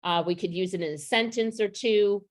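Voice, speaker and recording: A woman's voice: medium pitch, normal speed. A woman training teachers over a video call, explaining step by step and asking the group questions. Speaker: literacy trainer.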